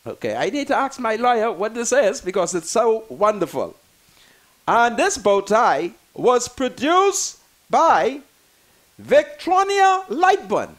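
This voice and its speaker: A man, hosting a talk show and ranting theatrically about politics. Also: very high-pitched. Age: 60s. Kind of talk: fiery political rant on talk radio.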